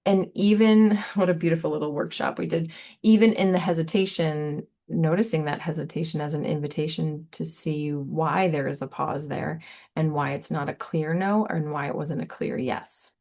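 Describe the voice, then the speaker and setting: A woman giving a casual, meandering tarot reading, soft and giggly, repeating words playfully. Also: sits low, fairly even intonation, moderate pace. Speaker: tarot reader.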